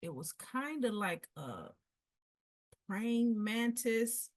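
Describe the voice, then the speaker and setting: A woman coach in a casual session, relaxed and informal, with hesitant fillers as she talks. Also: fairly high pitch, very slow.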